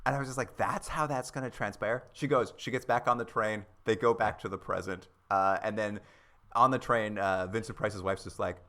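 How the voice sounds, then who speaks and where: A man with a bright, forceful voice casually recaps a TV episode on a podcast. He is sarcastic and animated, and he slips into quick acted-out quotes of the characters. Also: fairly low pitch. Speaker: podcast co-host.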